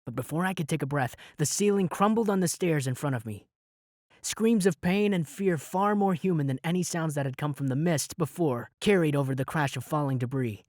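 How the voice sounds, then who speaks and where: A young man narrating a fantasy audiobook in the first person with lively, dramatic delivery. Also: fairly high pitch, dry recording, studio quality. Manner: lively, dramatic storytelling with shouted spells.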